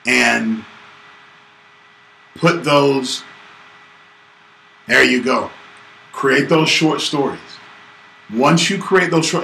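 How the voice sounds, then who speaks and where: A man's voice: on the high side, gravelly, a little hiss or hum. A man from Georgia in the United States, talking casually to teach business skills and acting out voices as he tells a story. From Georgia, USA. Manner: animated, acts out voices in stories. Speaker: business coach host. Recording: echoey room with faint ambience.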